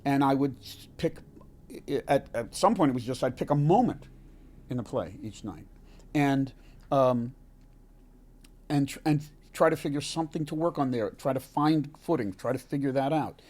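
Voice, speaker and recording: A man, an actor being interviewed, telling a heartfelt story in an earnest, halting way with many restarts. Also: medium pitch, animated, darkish tone. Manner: halting, frequent restarts and self-corrections. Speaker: actor, podcast guest.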